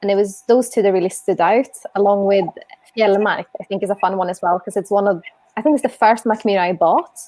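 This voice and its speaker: A woman's voice: medium pitch, fairly quick, mellow, dry recording. A young woman from Sweden with a Swedish accent, chatting casually as a guest and laughing often. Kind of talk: casual chat.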